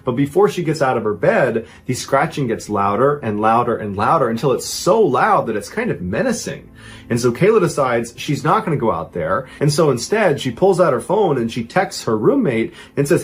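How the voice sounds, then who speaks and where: A man telling a true crime story as host, with animated, dramatic emphasis. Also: medium pitch, moderate pace, breathy edge.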